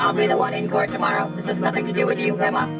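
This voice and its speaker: Give me a cold robotic prosecutor woman voiced by text-to-speech, over loud game music. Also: lowish voice, very fast, echoey room, recorded from a distance. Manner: flat, clipped, dismissive.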